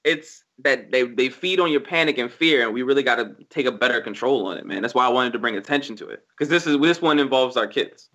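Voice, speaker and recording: A man talking on a podcast in casual chat, animated and emphatic, swearing freely as he argues his point. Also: mid-range voice, quick pace, hardly any pauses. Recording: dull lo-fi recording.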